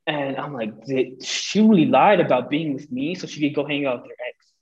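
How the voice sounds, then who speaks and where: Young male podcast guest, lively storyteller, highish voice, dull lo-fi sound. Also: normal speed. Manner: animated, swearing, acts out quotes. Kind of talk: casual storytelling. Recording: dull lo-fi audio.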